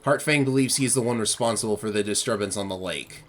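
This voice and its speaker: A man's voice: on the low side, quick pace, fairly bright tone, a little hiss or hum, lightly acted. A man reading aloud the lines of a solemn tribal elder who gives a quest in a game. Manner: reads game dialogue aloud.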